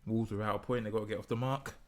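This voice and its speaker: A man's voice: lowish voice, steady tone, very fast, darkish tone. Teasing man reading football results. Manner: teasing, game-show-like presenting. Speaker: podcast co-host, football fan. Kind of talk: casual chat, reading results and predictions.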